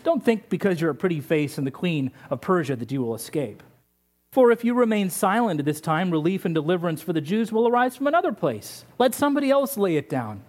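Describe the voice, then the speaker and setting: Stern older cousin, man voicing, admonishing, firm, fairly high voice. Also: very animated, brisk, a little mellow. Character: stern older male cousin giving advice.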